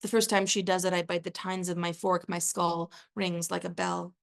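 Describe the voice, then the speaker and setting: A woman author reading her own first-person fiction aloud at a live event, measured and even, with the odd dry aside. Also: on the low side, gravelly.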